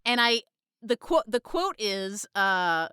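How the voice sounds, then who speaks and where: A woman co-hosts a casual podcast chat, her voice smooth and clear. She retells movie scenes with frequent laughs, recorded close and dry. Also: mid-range voice, sing-song, slow pace, sharp tone, no echo. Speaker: podcast co-host.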